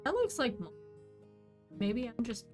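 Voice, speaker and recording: A woman's voice: on the high side, big pitch swings, unhurried, over music. A woman casually chatting while streaming a game, rambling and answering her chat as she plays.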